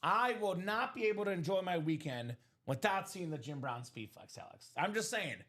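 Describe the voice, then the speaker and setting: A high, bright male voice that swings up and down with lively emphasis. He hosts a live memorabilia break stream with energetic, jokey sales patter, peppered with fillers. He sounds like he is talking from a streaming studio. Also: normal speed. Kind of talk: upbeat sales patter and banter.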